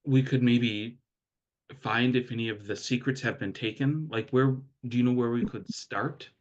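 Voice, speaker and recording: A man's voice: mid-range voice, moderate pace, highs cut off. A man playing in a tabletop role-play, asking casual questions. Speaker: player.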